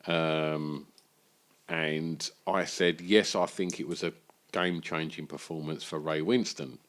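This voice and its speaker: A man's voice: extremely low pitch, slow. A man co-hosting a podcast, telling a story in casual banter and acting out the people he quotes. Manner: animated storyteller, acts out quoted voices. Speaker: podcast co-host.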